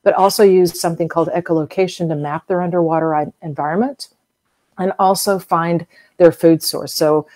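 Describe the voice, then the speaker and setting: A woman's voice: lowish voice, steady tone, brisk, darkish tone. A middle-aged woman from the US South, a guest expert in an interview, explaining at length in a chatty way with everyday comparisons and frequent fillers. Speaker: whale museum guest expert.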